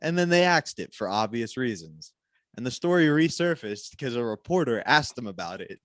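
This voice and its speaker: Dry-voiced man with deadpan build-ups. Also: medium pitch, moderate pace, no room sound. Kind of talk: casual comedy chat.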